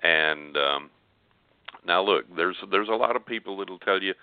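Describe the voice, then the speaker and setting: A man's voice: sits low, lively intonation, unhurried, clear, resonant tone, no echo. An older man telling a story as a guest on a call-in radio show, earnest and rambling, with frequent restarts. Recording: tinny phone line.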